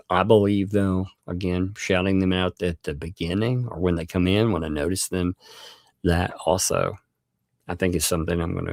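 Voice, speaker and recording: A man's voice: sits low, gravelly, a little mellow, dry recording, clean studio sound. A man hosting a casual live stream, rambling and chuckling as he thanks each new member in turn. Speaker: livestream host.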